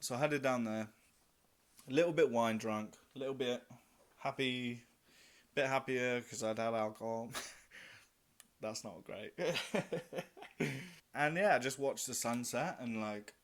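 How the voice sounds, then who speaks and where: A man's voice: medium pitch, a little slow, long pauses. A young man vlogging about solo travel, telling a story in a casual, chatty way, swearing freely and acting out his own remarks.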